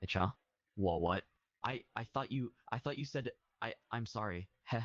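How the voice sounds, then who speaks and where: A man's voice: mid-range voice, moderate pace, a bit bright, dry recording, lightly acted. A text-to-speech voice playing a flustered young man chatbot character who stammers and reads out his own stage actions. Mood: panicked. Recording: dull lo-fi dry sound.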